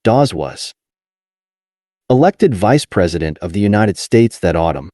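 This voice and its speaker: A man narrates a nonfiction history audiobook in a low, warm voice. His pitch moves expressively from phrase to phrase, and his reading stays measured and steady. The sound is dry and close. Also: no echo.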